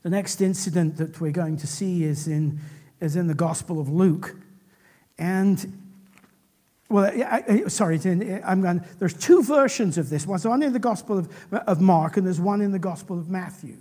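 A man preaching a sermon, animated and often restarting his sentences. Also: high-pitched, moderate pace.

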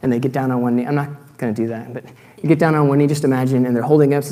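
A man's voice: mid-range voice, fairly even intonation, rapid-fire, dark tone, long reverb tail. A man giving an earnest teaching sermon, reading scripture passages aloud and adding light self-deprecating asides. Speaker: preacher.

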